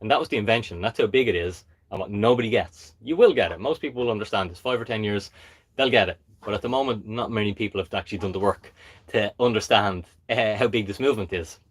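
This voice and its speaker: Blunt man, low voice. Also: quick pace, breathy edge. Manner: blunt, emphatic, keeps checking in with "okay?". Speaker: crypto channel host. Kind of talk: live-stream monologue.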